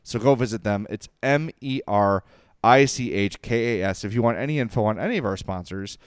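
A middle-aged man, co-hosting a casual sports podcast, gushing and excitable, also reading sponsor spots. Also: fairly low pitch, a little fast, clear, resonant tone, dry recording, studio quality. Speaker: podcast co-host.

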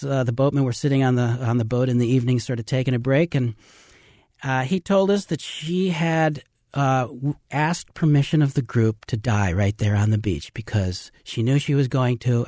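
Middle-aged man, rafting guide on a radio interview; earnest, halting teller, dry close mic. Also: mid-range voice, warm tone, dry recording. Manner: earnest storyteller, halting with fillers. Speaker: river rafting trip leader.

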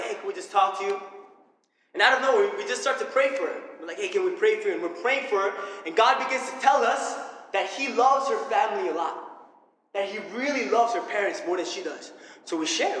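A young man preaches with a high, bright voice, excited and laughing as he tells his stories. His voice rings through a long, echoey hall with faint room ambience behind. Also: a little hiss or hum. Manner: energetic, animated, laughs often. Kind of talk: sermon with personal stories.

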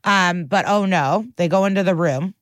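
A woman's voice: on the low side, normal speed, no echo, clean studio sound. A woman co-hosting a podcast, recapping a TV episode in a chatty, profane way and acting out the characters' lines. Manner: chatty, profane, acts out quotes. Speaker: podcast co-host.

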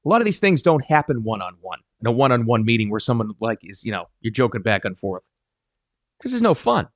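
A middle-aged man giving casual advice to camera, animated and emphatic. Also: mid-range voice, a little fast, no room sound. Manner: animated and emphatic, quoting people in voices. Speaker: parenting advice vlogger.

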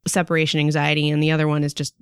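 A woman co-hosting a podcast, chatting casually and telling stories in an animated way, acting out quotes and swearing freely. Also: deep voice, rapid-fire, smooth, no room sound, studio quality. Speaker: podcast co-host. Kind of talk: casual chat.

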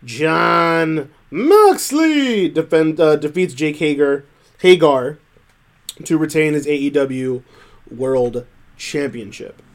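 A man with a slightly high voice chats through a wrestling recap as co-host. He lists the results plainly, then gets exasperated, and his pitch leaps when he rants. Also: slow, long pauses. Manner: animated, exasperated rants with wide pitch jumps. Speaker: podcast co-host. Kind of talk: casual wrestling recap chat.

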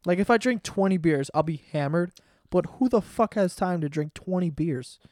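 A man's voice: high voice, lively intonation, normal speed, a little mellow, dry recording, studio quality. A young man hosting a podcast, telling crude stories in casual chat. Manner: crude, joking storyteller. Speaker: podcast host. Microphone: studio mic on stand.

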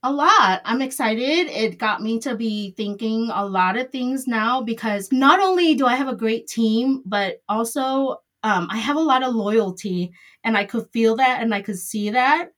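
Chatty middle-aged salon owner, higher voice. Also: female voice, lively intonation, unhurried, fairly bright tone. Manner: chatty, rambling, loose grammar. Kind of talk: interview answers.

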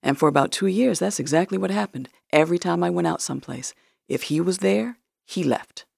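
A woman telling a personal story in a measured, low-key way, acting out the lines other people spoke. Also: creaky, darkish tone, slightly rough. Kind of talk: personal story told to listeners.

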